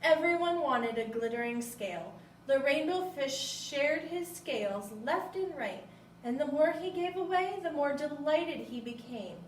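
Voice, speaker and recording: A woman hosting a library storytime, reading a picture book aloud with gentle expression. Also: sits high, animated, measured pace, a little hiss or hum. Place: library room. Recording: echoey room, mic far off.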